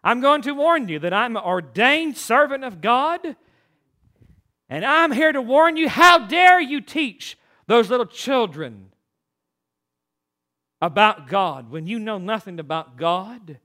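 A self-righteous woman caller scolds and accuses, her voice pitched high and swinging sharply with indignation, as a preaching man quotes her. The tone is bright and biting. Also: animated, normal speed, hardly any pauses, heavily acted. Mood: scolding.

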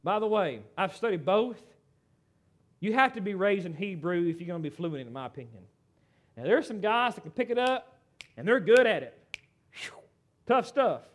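A middle-aged American man preaching a sermon in an animated, conversational way, with asides to the congregation. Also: sits high, normal speed, long pauses. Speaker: pastor.

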